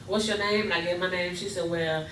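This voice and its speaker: Older Texan grandmother, lively storyteller. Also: a little fast, a little hiss or hum. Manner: animated, acts out quotes with big pitch jumps, laughs often. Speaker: grandmother sharing testimony. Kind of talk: casual storytelling testimony. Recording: echoey room, recorded from far off.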